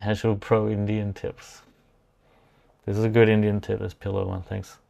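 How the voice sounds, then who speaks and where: A man hosting a live stream, chatting casually and thinking aloud as he tries out software. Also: fairly low pitch, flat delivery, moderate pace, gravelly. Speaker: livestream host testing software.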